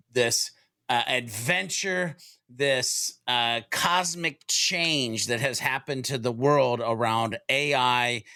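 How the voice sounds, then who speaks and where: A man's voice: medium pitch, sharp tone, no echo, studio quality. A man co-hosting a podcast, talking energetically and rambling through rhetorical questions. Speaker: podcast co-host. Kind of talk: enthusiastic podcast talk.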